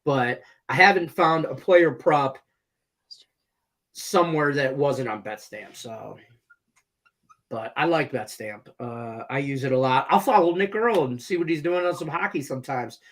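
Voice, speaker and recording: A man's voice: medium pitch, a little slow, a bit bright. A middle-aged man co-hosting a sports betting show, chatting in a laid-back, rambling, jokey way. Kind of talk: casual sports betting chat.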